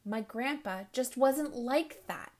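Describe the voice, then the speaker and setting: A woman's voice: a little high, lively intonation, takes it slowly, a little mellow, pitched above the performer's own voice. A woman voicing a troubled young schoolboy who talks in a sullen, tearful way in a storybook reading.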